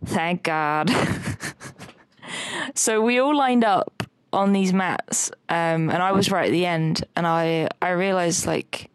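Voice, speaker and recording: A woman's voice: lowish voice, takes it slowly, long pauses, dry recording. A woman co-hosting a podcast, telling a rambling dream story with lots of fillers and laughter. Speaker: podcast co-host recounting a dream. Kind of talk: casual chat.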